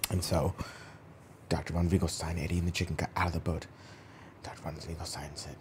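A man telling an improvised children's bedtime story, often dropping into a hushed whisper for suspense. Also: deep voice, flat delivery, brisk, long pauses, slight background noise.

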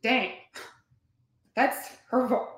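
Female workshop coach, bright high voice, earnest and repetitive, recorded in a reverberant room. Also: fairly even intonation, very slow. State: near tears at times. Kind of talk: motivational workshop talk.

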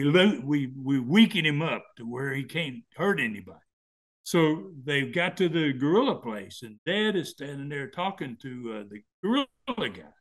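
A man, telling wrestling stories as a guest in casual chat, laughing often and acting out voices. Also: fairly high pitch. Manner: laughing animated storyteller, acts out voices.

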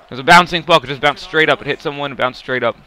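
A man giving live commentary while playing a hockey video game, excitable and quick to yell and swear at the plays. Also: fairly high pitch. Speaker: gaming video creator.

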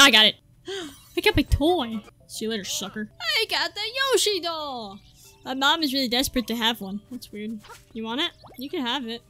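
High, lively young woman playing a game. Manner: excitable, swears freely, reads game text aloud. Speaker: gaming channel host. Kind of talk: let's-play commentary. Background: faint game music.

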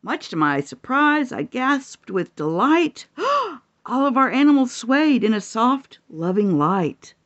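Expressive woman reading a storybook. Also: a little high, measured pace, hardly any pauses, muffled recording. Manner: expressive, gasping and whooping with delight. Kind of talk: reading a children's picture book aloud.

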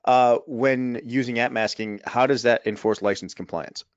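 A man with a mid-pitched voice chimes in on a webinar to pass along audience questions, relaxed and brief. The audio is dull and lo-fi with a dry sound. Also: normal speed, smooth, no room sound. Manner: easygoing, brief interjections. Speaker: webinar co-host relaying questions. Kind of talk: casual webinar talk.

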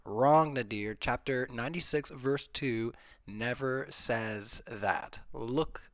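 A man's voice: medium pitch, takes it slowly, fairly bright tone, dry recording. A man moderating a livestreamed debate, joking around and reading viewer questions aloud.

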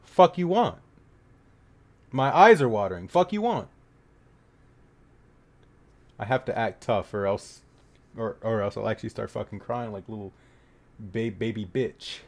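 A man making jokey, profane reaction commentary on a horror game, trading mumbled asides for sudden shouted outbursts. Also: on the low side, normal speed, gravelly.

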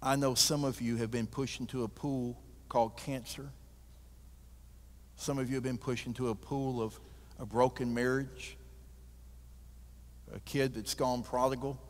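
Male guest preacher, folksy and animated, mid pitch, long church reverb. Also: a little slow, pauses often. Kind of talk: sermon with storytelling.

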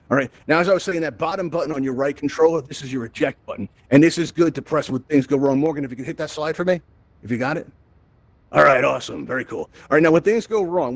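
A man from Brooklyn hosting a live VR event and teaching the audience, chatty and upbeat, tagging his lines with "right?". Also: medium pitch. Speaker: event host and VR instructor. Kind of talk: live presentation to a virtual audience.

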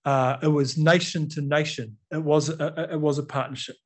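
A man's voice: a little high, fairly even intonation, moderate pace. A middle-aged man with a New Zealand accent giving a conversational storytelling talk to an audience, acting out quotes and using many fillers.

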